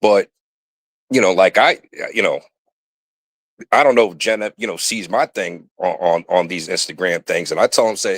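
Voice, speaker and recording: A man's voice: deep voice, normal speed, dry recording. A man on a casual panel chat, talking emphatically and leaning on filler phrases. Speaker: panel guest.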